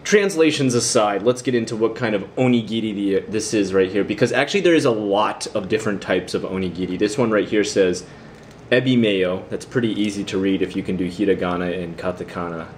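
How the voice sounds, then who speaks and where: A man's voice: on the low side, a little fast, a little hiss or hum. An American man giving a casual video lesson, chatty and teasing as he quizzes the viewer. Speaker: vlogger teaching about Japan.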